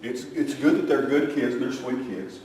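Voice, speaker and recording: A man's voice: medium pitch, moderate pace, slight background noise. An older man preaching a sermon, telling folksy family stories and acting out the voices in them. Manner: folksy storytelling, animated quoting. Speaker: pastor. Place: church sanctuary. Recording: echoey hall, distant mic, faint ambience.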